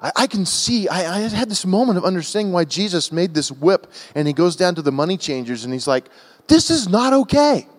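An American man preaching a sermon to a church, telling a personal story in an emotional, animated way with frequent restarts. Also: a little high, fairly quick, hardly any pauses. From United States. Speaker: guest preacher. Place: large church hall. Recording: long church-hall reverb.

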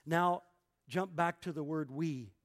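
A man delivers a sermon in a high-pitched voice. He speaks slowly and deliberately, stressing single words with emphasis as he teaches. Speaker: preacher. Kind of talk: expository sermon.

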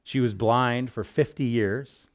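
Pastor pria yang bercerita dengan santai. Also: male voice, mid-range voice, steady tone, takes it slowly. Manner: conversational storytelling with bursts of loud exclaiming. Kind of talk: sermon.

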